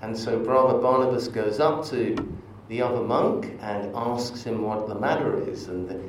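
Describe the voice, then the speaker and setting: A man preaching a sermon in a church, relaxed and conversational, leading into stories with asides to the congregation. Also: medium pitch, normal speed, slight background noise. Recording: echoey church from far off.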